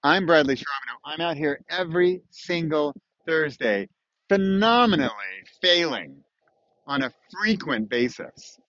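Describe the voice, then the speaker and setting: A man's voice: on the high side, no room sound. Playful self-mocking man, dry lo-fi. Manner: lively swings between loud punchy lines and quiet asides. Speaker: weekly video host. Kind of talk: self-recorded motivational monologue. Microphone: camera mic, self-recorded.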